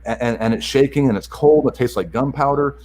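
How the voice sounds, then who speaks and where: A man's voice: mid-range voice, a little mellow, a little hiss or hum. A man telling a painful personal story as a podcast guest. He is earnest and openly emotional, and he often stops and restarts his sentences. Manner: earnest, halting, with frequent restarts and repeated words. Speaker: podcast guest, self-help author. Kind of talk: personal story told in an interview.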